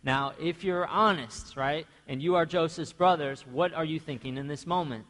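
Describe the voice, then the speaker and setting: A man's voice: a little high, moderate pace, few pauses. Young guy pastor preaching, chatty, keeps asking the church questions, voice rings out in a big echoey sanctuary. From grew up in a half-Mexican household. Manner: conversational, asks the congregation questions; animated storytelling, acts out quoted voices. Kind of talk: sermon. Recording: long church reverb.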